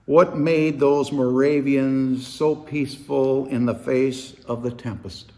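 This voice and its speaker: A man preaching a sermon, retelling a story slowly and dramatically, his voice swelling and dropping for effect. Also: mid-range voice, fairly even intonation, darkish tone, long reverb tail.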